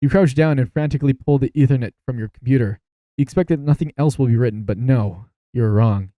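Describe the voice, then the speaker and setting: A man's voice: medium pitch, a little fast, dark tone, no room sound. A man playing an interactive horror story game, reading the text aloud and breaking off for amused asides. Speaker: gaming YouTuber.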